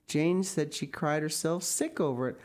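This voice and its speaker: A woman's voice: low voice, normal speed, darkish tone, close to an everyday voice. Woman voicing an eager chattering girl. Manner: eager, effusive, talkative. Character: chatty, imaginative young girl. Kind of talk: audiobook reading.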